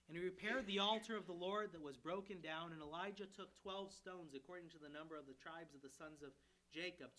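A high-pitched man, recorded with a little hiss or hum, preaches an expository sermon as a pastoral candidate. He retells a scripture story with humor, acting out quotes and voicing characters in lively storytelling.

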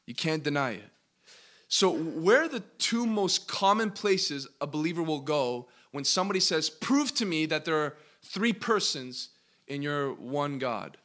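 A man preaching an interactive Bible lesson with an emphatic, questioning delivery. His voice sits a bit high for a man and rings with a bright, forceful edge. He slows down to press key words home. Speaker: pastor teaching a Bible study. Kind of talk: interactive sermon teaching.

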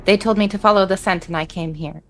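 A woman's voice: mid-range voice, fast, a bit bright, soft background music. A woman playing a tabletop role-play in character, speaking politely and deferentially. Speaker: player.

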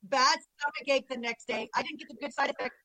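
Bright, high-voiced woman telling stories. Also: fast, no room sound, low-quality recording. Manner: animated, rambling storyteller who laughs a lot. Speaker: podcast co-host. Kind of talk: casual chat.

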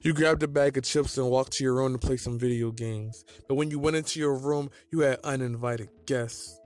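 A man's voice: medium pitch, steady tone, normal speed, a little mellow, soft background music. A man reading a second-person fan story aloud as its narrator.

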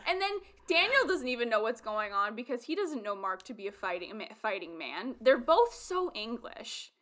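A woman co-hosting a podcast who tells film scenes in a lively, animated way in casual chat. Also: fairly high pitch, normal speed. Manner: animated storytelling, acting out film dialogue. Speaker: podcast co-host.

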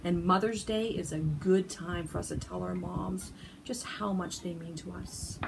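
A woman's voice: fairly low pitch, fairly even intonation, creaky, noisy background. Grandmother talking from her sunroom. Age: older. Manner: warm storyteller, halting with restarts. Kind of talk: heartfelt devotional talk. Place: home sunroom.

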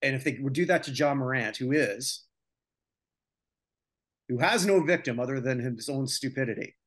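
Medium in pitch and a bit bright, this North American man's voice moves at normal speed as he hosts a relaxed sports podcast. He airs his opinions in a rant heavy with filler "uh"s.

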